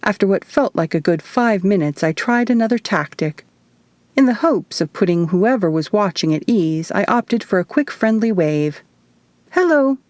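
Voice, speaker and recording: A woman narrating her own novel aloud in the first person, at a measured storytelling pace. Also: mid-range voice, lively intonation, darkish tone, dry recording. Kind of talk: audiobook narration.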